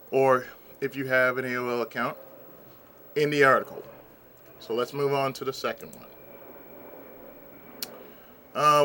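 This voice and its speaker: Bright-voiced ranting man. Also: medium pitch. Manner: exasperated, ranting, eats while talking. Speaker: vlogger. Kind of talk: casual ranting commentary.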